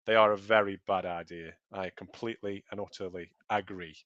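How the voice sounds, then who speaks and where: Bright, tense-voiced man. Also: low voice, steady tone, brisk, no room sound. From Stoke-on-Trent, England. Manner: rambling, laughs easily. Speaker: podcast co-host. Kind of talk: casual live podcast chat. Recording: dull lo-fi dry sound.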